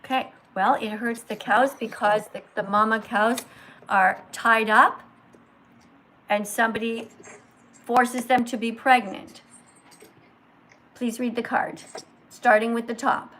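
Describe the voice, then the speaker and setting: A woman hosting a livestream, lecturing slowly and emphatically like a teacher. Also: fairly high pitch, fairly even intonation, fairly bright tone, a little hiss or hum. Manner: slow, emphatic teacher-like delivery. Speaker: livestream host.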